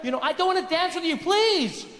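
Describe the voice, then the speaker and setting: A man's voice: extremely high pitch, expressive, a little fast, fairly bright tone, a little hiss or hum, voice pushed up, heavily acted. A man voicing a nervous young woman who politely stammers as she turns down a pushy man. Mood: flustered. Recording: stage mic with long hall reverb.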